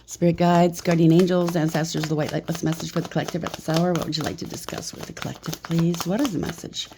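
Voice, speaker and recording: A woman's voice: deep voice, little pitch movement, fast talker, noisy background. A woman giving a solo collective tarot reading, chatty and blunt, swearing freely. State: slightly out of breath. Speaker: tarot reader.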